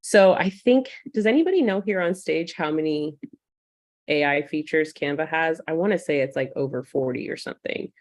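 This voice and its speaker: A woman teaching a live virtual class, warmly greeting attendees by name and speaking with frequent ums. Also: low-pitched, normal speed. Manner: uses fillers like um. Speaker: online course instructor.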